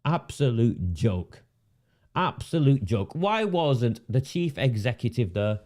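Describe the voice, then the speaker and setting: A man's voice: medium pitch, big pitch swings, takes it slowly, a little mellow. A man, delivering a sarcastic, indignant rant and repeating phrases for emphasis. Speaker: independent political commentator. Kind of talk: ranting monologue.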